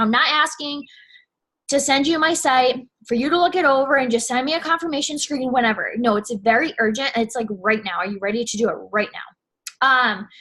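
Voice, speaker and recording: A woman's voice: sits high, fairly bright tone, breathy edge. A young woman casually giving sales advice in a chatty vlog, full of "like" and "you know what I'm saying". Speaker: network marketing seller.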